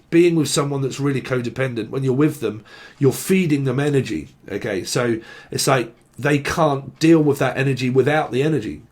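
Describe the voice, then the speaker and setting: A man's voice: mid-range voice, moderate pace, a little mellow. A man giving a solo tarot reading, rambling and full of fillers. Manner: rambling, heavy on fillers, acts out quoted messages. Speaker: tarot reader.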